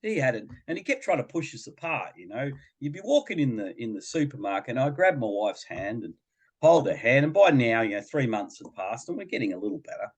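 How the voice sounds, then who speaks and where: A middle-aged man talking on a podcast. His pitch swings up and down a lot as he tells the story, and he slips into other people's voices. He sounds casual, chatty and animated. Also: brisk, breathy edge. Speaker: guest, behaviour coach.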